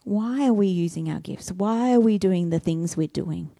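A woman's voice: fairly low pitch, normal speed, gravelly, mellow, dry recording, clean studio sound. Woman preaching in a conversational way. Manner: conversational, self-deprecating, rhetorical questions. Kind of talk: sermon.

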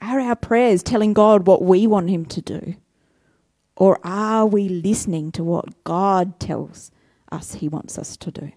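A woman's voice: mid-range voice, a little slow, dark tone, dry recording, studio quality. Woman preaching in a conversational way. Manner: conversational, self-deprecating, rhetorical questions. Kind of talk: sermon.

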